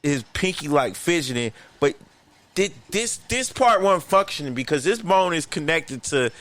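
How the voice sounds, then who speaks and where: A man co-hosting a podcast, telling a long story in an animated, profane, slangy way. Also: fairly high pitch, moderate pace, dry recording. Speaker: podcast co-host. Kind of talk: casual storytelling chat.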